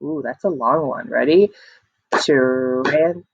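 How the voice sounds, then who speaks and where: The speaker is a young kindergarten teacher whose low, expressive voice carries a slight gravel. She leads young children through phonics over a video lesson, slowly and encouragingly in a sing-song style. There's no room sound; the audio is dull, like a basic computer mic.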